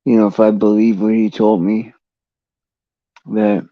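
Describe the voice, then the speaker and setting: A man talks slowly and haltingly on his own faith stream, with a low, mellow voice. His words often stop and start over. The sound is dry and dull, like a cheap mic. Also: level tone, no echo. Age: adult father of a son over eight. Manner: halting, repeats words, many fillers. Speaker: livestream host. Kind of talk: casual faith livestream chat and prayer.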